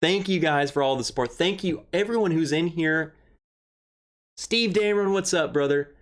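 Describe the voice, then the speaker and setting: A young man hosting a casual livestream, who rambles, greets viewers by name and gets excited and emotional. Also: a little high, normal speed. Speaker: livestream host. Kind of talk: casual livestream chat, reading viewer comments.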